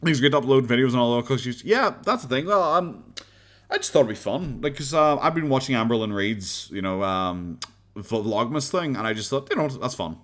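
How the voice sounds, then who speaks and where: An Irish man hosting a relaxed live stream, talking in a loose, rambling way. He laughs easily and swears without a second thought, in a voice of middling pitch. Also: fairly quick. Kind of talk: casual live stream chat reading comments.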